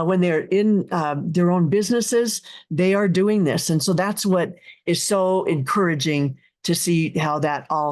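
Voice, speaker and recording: A woman's voice: on the low side, a little mellow. A middle-aged woman guest telling stories in an earnest, heartfelt way, with many restarts and fillers. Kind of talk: casual interview talk.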